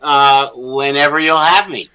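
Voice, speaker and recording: A man appearing as a guest on a talk show, speaking in a measured, hesitant way with many fillers. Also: medium pitch, fairly even intonation, sharp tone, smooth, low-quality recording. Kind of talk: casual interview chat. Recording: faint background noise.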